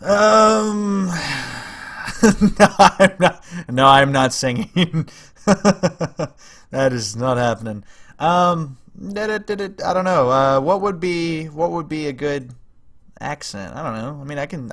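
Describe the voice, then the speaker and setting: A man's voice: a little high, measured pace, fairly bright tone. A young man chatting casually on a game livestream, stammering and repeating words as he rambles and laughs. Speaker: livestreamer playing a strategy game.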